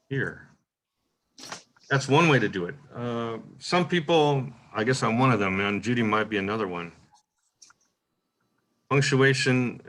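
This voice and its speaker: A man with a fairly low voice and a bright, sharp edge over a rough, gravelly texture. He hosts a poetry workshop and talks through a point on craft in an easy, informal lecture, often tossing in "right?" and trying a sample line aloud several ways. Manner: relaxed, thinking aloud with frequent "uh" and "right?".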